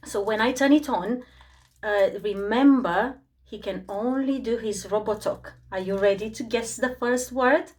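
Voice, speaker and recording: A woman teaching preschool children, gentle and encouraging as she leads a reading game. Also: on the high side, measured pace. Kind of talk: children's lesson.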